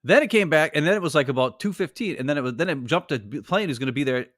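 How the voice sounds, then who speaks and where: A man in his forties, a podcast co-host telling a story in a casual, rambling, animated way. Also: fairly high pitch, very fast, dry recording, clean studio sound. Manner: rambling, animated, heavy use of "like".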